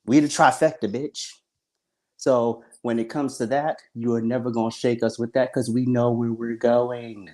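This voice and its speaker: A man's voice: medium pitch, flat delivery, normal speed, hardly any pauses, mellow. A man co-hosting a podcast, talking bluntly and with plenty of swearing in a casual motivational rant. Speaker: podcast co-host.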